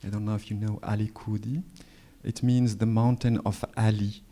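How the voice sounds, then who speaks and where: A man in his forties from Morocco with a Moroccan French accent, speaking in a halting, hesitant way and reading his own prose at a library event. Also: on the low side, flat delivery, mellow. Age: 40s. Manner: hesitant, halting, frequent fillers. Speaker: author. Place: public library event hall.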